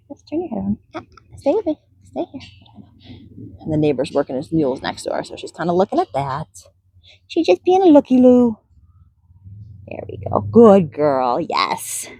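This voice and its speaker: A woman's voice: medium pitch, dark tone, husky, no room sound. A woman training a donkey outdoors, talking to it in a soothing, coaxing way that often drops to a whisper, with asides to the viewer. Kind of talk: coaching an animal with asides to camera.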